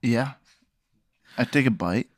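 A man playing along in a game with short, deadpan replies. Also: mid-range voice, takes it slowly, dry recording, clean studio sound. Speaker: player. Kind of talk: casual play.

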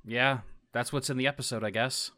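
A man's voice: mid-range voice, fairly even intonation, fairly quick, sharp tone. A man co-hosting a podcast in casual chat, upbeat and agreeing in short replies. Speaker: podcast co-host.

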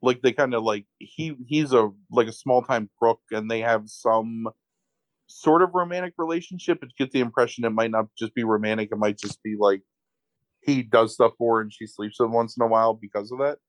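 A man casually recapping a movie plot on a podcast, swearing freely and telling it with lively energy. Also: medium pitch, fairly quick, dry recording, low-quality recording. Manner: profane, animated retelling with acted quotes. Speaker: podcast co-host.

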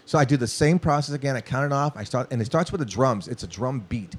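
A man's voice: medium pitch, fast, husky. A man from Los Angeles telling a long studio story in a casual, profane way, acting out what people said. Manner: profane, animated, acts out quotes. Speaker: guest musician.

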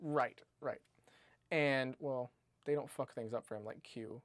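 A man's voice: medium pitch, a little slow, no echo. A man co-hosting a podcast, bickering casually with his friend, often laughing and teasing in exasperation. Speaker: podcast co-host.

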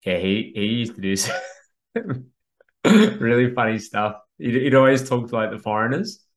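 A man's voice: medium pitch, lively intonation, normal speed. A young man in casual chat, laid-back and hedging, full of "like".

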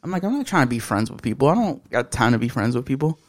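A man's voice: medium pitch, very animated, quick pace. Blunt, profane young man telling stories. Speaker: podcast co-host. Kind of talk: casual chat.

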